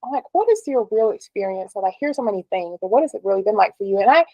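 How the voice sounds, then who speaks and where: A woman's voice: mid-range voice, lively intonation, racing, no echo, dull audio. Curious woman asking questions, dry sound. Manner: curious, chatty questioning with hedges like "kind of". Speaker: interviewer. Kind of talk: casual interview conversation.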